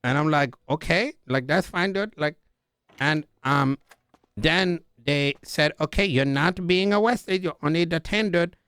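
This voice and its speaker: A young man playing a roleplay character tells a long, rambling story, saying "like" and "dude" over and over as he acts out the other people in it. His voice sits a bit high for a man. The sound is close and dry, with no room around it. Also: unhurried, fairly bright tone, smooth, no room sound.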